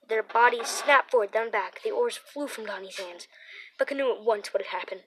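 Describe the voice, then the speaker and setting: A woman reading a children's horror book aloud, with dramatic, expressive storytelling and the occasional restart. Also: mid-range voice, moderate pace, a little hiss or hum, poor audio. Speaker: narrator.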